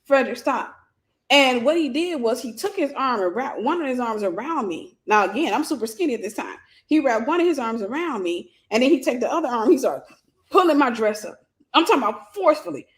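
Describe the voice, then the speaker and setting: Woman, fairly high voice, storytelling host, lively, repeats herself for emphasis. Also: brisk. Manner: animated, repeats phrases for emphasis. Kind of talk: personal storytelling monologue.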